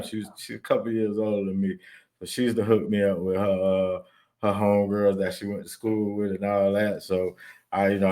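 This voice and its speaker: A man tells stories from his childhood in a relaxed, rambling way. He speaks in a fairly low voice and keeps asking "right?" as he goes, with plenty of "uh"s between thoughts. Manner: loose and conversational, many "right?" tags and "uh" fillers. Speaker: storyteller recalling his childhood. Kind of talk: casual spoken storytelling.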